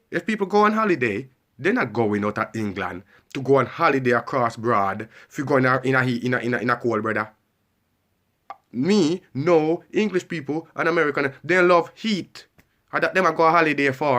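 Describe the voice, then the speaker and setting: A man's voice: medium pitch, lively intonation, fairly quick, fairly bright tone. A man delivering a heated, repetitive ranting monologue and pressing the listener with questions. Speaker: vlogger.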